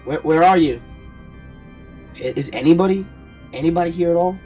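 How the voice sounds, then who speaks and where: A man's voice: on the high side, normal speed, dark tone, faint music behind, voice pushed up, close to an everyday voice. A man voicing a frightened lost man who calls out, afraid of dying. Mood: panicked. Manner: pleading, panicked calling out.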